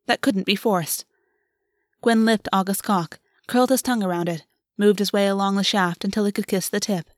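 A woman narrating a novel in an even, measured audiobook reading. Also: mid-range voice, no room sound, studio quality. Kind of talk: scripted narration.

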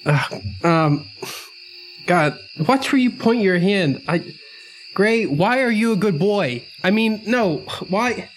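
A man's voice: high voice, animated, slow pace, slight background noise, poor audio. A man voicing a baffled young male adventurer who stammers through confused questions. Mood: flustered. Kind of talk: tabletop role-play in character.

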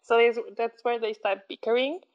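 A woman's voice: a little high, moderate pace, highs cut off. A young woman chatting casually as a podcast co-host, retelling a movie scene by scene, acting out the lines and laughing often. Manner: animated storyteller who acts out quotes, laughs often. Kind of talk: casual chat recapping a movie.

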